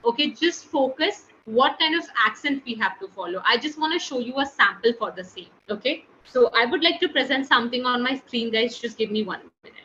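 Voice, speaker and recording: Bright chatty woman teaching online. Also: fairly high pitch, lively intonation, brisk, few pauses, dull audio, a little hiss or hum. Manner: chatty, keeps addressing students as guys. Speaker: French teacher. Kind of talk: online language webinar.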